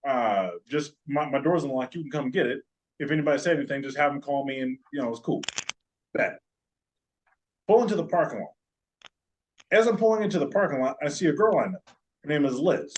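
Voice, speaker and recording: A man's voice: medium pitch, lively intonation, fairly quick, pauses often, slight background noise, rough recording. A man, a podcast guest, telling a long story in casual, joking, profane chat.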